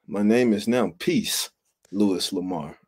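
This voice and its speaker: A man speaking as a talk show guest, calm and sincere in a casual chat. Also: lowish voice, takes it slowly.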